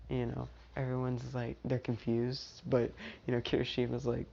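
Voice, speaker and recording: A man's voice: medium pitch, monotone, normal speed, vocal fry, hardly any pauses, darkish tone, slight background noise. A young man casually telling a fan-made story, rambling along with restarts and "you know"s, on a dull lo-fi recording. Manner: rambling, lots of fillers and restarts.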